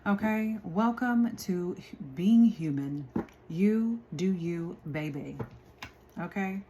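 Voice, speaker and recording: A woman's voice: on the low side, expressive, slow pace, warm tone, slight background noise. A woman giving a casual tarot reading, chatty and laughing often as she talks to her viewers. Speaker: tarot reader.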